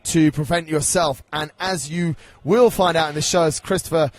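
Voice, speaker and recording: A man's voice: fairly high pitch, steady tone, moderate pace, no room sound. A man hosting a podcast, upbeat and chatty as he introduces the show and interviews a guest. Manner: upbeat, chatty, reads sponsor plug. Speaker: podcast host.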